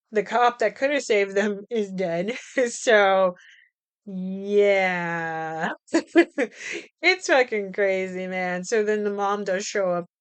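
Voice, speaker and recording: A woman with a smooth, resonant voice at an ordinary middle pitch. She hosts her own podcast and recaps a film from memory in loose, rambling chat, swearing freely and laughing as she corrects herself. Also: fairly bright tone. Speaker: podcast host.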